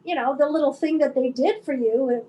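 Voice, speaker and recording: A woman's voice: high-pitched, a little fast, warm tone. A middle-aged woman, a mother, chatting casually with her family and recalling her sons' childhood. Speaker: mother of grown sons.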